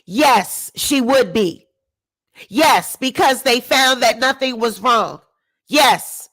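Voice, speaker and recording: A commentary YouTuber, a woman, rants indignantly to her viewers, hammering her points home again and again. Her slow, animated delivery swings between sharp exclamations and low muttering.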